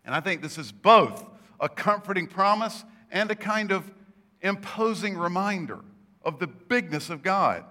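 A man's voice: high voice, expressive, measured pace, pushed and bright. A man preaching a sermon, telling stories and stressing points with emphatic rises. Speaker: pastor.

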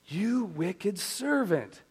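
A man putting on a wrathful king, stern and accusing. He draws his words out slowly, pitched up and set a little back from the mic. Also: natural voice. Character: stern, wrathful male king rebuking a servant.

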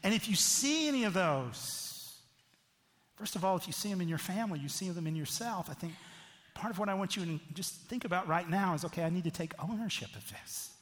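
A middle-aged man preaches in an easy, conversational manner, often tossing a quick question back to his listeners. His voice sits a little higher than most men's. The sound carries a long hall reverb, as in a church sanctuary. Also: animated, a bit bright. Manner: conversational, frequent "right?" asides. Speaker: pastor. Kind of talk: sermon.

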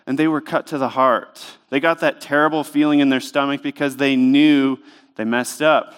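A man's voice: on the high side, normal speed, fairly bright tone, clear, resonant tone. A man preaching a sermon in a church, speaking in a conversational, emphatic way with lots of rhetorical questions. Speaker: pastor.

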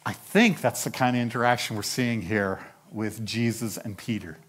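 A man's voice: on the low side, moderate pace. An older man preaching a Bible-teaching sermon, telling the story with animation and acting out the characters' lines.

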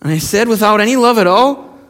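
High-voiced pastor man preaching, super animated, mocks people he quotes, big echoey hall. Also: moderate pace. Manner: emphatic, mocking quoted voices. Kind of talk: sermon. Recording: long hall reverb.

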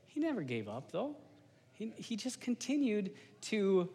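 A man in his thirties preaches in a loose, animated, slangy way, often talking straight to his congregation. His voice sits fairly high for a man. It carries a long reverb from a church hall. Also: measured pace. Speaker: lay preacher giving a testimony. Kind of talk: informal sermon.

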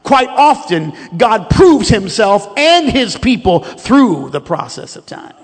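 A man preaching a sermon, with rhythmic, emphatic delivery that builds to shouts. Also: sits high, very animated, slow. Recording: long reverb of a large hall.

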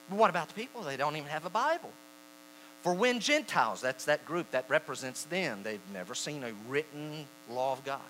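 Animated bright-voiced male preacher. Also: fairly high pitch, slight background noise, rough recording. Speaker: pastor. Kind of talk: sermon.

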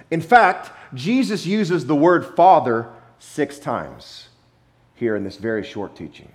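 A man preaching a sermon, emphatic, with dramatic pauses and repetition, sometimes playful. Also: mid-range voice, very animated. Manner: playful, acts out wrong versions for effect. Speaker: pastor.

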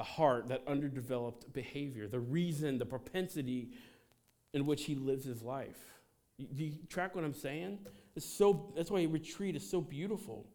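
Male pastor, 30s, casual and conversational sermon delivery, frequent fillers and restarts, animated asides. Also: medium pitch. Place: church sanctuary.

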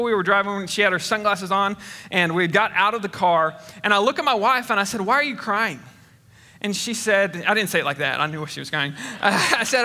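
A man's voice: high-pitched, pushed and bright. A middle-aged man pastor preaching a sermon in a church, speaking earnestly and conversationally with frequent restarts. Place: church sanctuary. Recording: reverberant church hall.

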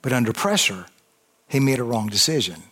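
A man preaching a sermon, fervent, with call-and-response and swings between loud emphasis and quiet intensity. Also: medium pitch, expressive, brisk, slightly rough.

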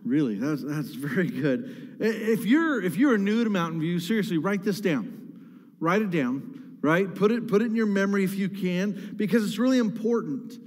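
A man's voice: high voice, expressive, normal speed, long reverb tail. A man preaching a sermon as pastor, emphatic, repeating key words and putting questions to the congregation.

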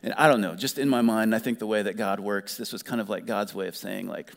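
A man preaching a sermon as a pastor, reading scripture with lively conversational asides. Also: fairly low pitch, fast talker, creaky. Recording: long hall reverb.

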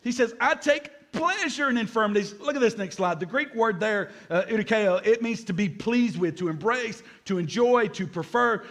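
A man with a notably high voice preaching a sermon. He is animated and dramatic, and breaks into acted-out asides as he speaks to the congregation. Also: moderate pace, hardly any pauses. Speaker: pastor.

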